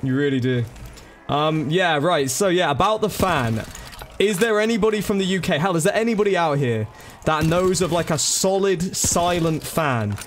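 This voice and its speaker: A man's voice: a little high, lively intonation, moderate pace, a little hiss or hum. A man chatting casually to viewers during a live gaming stream, thanking them by name and calling them bro and dude.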